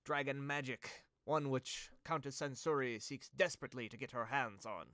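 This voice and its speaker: A man's voice: medium pitch, normal speed, pushed and bright, no room sound, studio quality, lightly acted. A man doing a frail, courtly old mage. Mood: formal. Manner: formal, gracious speech.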